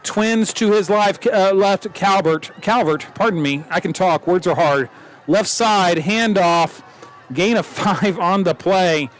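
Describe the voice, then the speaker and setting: A man calling a live high school football game play by play, quick and joking as he corrects himself. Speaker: play-by-play announcer.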